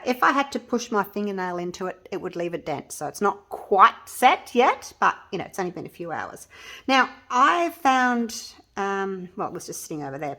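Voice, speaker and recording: A woman's voice: medium pitch, fairly bright tone. A woman hosting a casual resin craft tutorial vlog from her home workspace, chatting to viewers as she works and often restarting her sentences. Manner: chatty, talks to viewers while working, often trailing off and restarting. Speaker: resin craft channel host.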